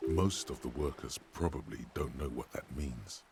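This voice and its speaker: A man's voice: a bass voice, moderate pace, background noise. A man voicing a world-weary male detective in a video game, asking terse, probing questions. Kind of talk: game voice acting.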